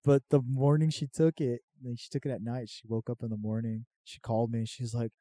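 A young man telling a funny story in casual chat, animated and profane, often laughing. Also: medium pitch, brisk, no echo.

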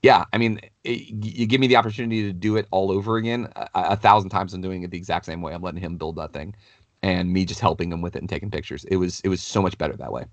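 Casual podcast co-host, man, middle-aged, deep and dry-sounding, talks loose with lots of fillers. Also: quick pace, dry recording. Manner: animated, rambling, many "like" fillers. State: has a cold, clears throat. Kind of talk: casual storytelling chat.

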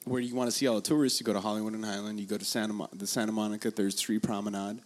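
A man in casual chat, telling rambling, profane stories that turn animated when he gets excited. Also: fairly low pitch, racing. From Los Angeles area, USA.

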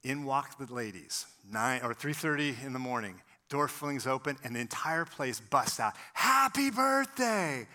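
A man's voice: mid-range voice, moderate pace, few pauses. A man preaching a sermon, telling a story and acting out the voices of the people in it. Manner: animated storyteller, acts out quoted voices. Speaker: pastor.

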